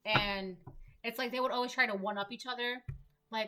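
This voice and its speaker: Young woman doing a tarot reading, bright kinda high voice, lots of "like", repeats herself. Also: steady tone, normal speed. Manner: emphatic, repetitive, lots of "like". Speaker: tarot reader. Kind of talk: collective tarot reading, casual monologue.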